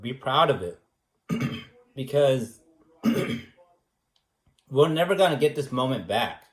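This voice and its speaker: A man giving a rambling, joking recommendation speech as an art teacher, teasing in a deadpan way and tagging his points with questions. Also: medium pitch, slow. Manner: teasing, deadpan, many fillers and tag questions. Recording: echoey room.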